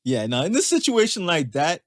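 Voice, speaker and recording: A man's voice: a little high, very animated, dry recording. Chill guy on a podcast, mid voice, stumbles and repeats himself, dry sound. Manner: laid-back, halting, repeats words. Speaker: podcast co-host. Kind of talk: casual chat.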